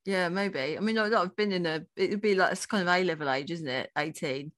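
A woman's voice: on the low side, fairly quick, fairly bright tone. A woman in her thirties co-hosting a podcast, rambling chattily and laughing often. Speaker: podcast co-host. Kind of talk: casual chat.

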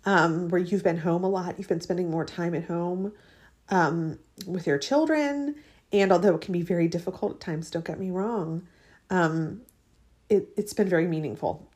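A woman in her thirties hosts a podcast in a casual, heartfelt monologue. Her voice sits slightly low. She talks freely, with fillers and restarts. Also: moderate pace, darkish tone, slightly rough. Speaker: podcast host.

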